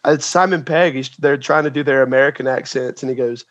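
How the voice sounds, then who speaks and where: A man chatting on a podcast, slowly telling an amused story. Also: medium pitch, no echo, muffled recording. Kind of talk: casual chat.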